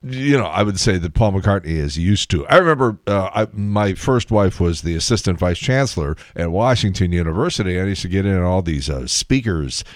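A man's voice: deep voice, lively intonation, a little fast, few pauses, no room sound, studio quality. A tired man hosting a casual solo podcast, telling chatty, wry stories with asides and laughs. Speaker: podcast host.

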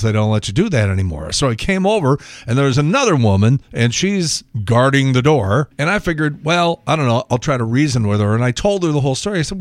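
A middle-aged man telling a long story in a monologue, indignant and animated, acting out both sides of an argument. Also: mid-range voice, no room sound, studio quality. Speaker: podcast host.

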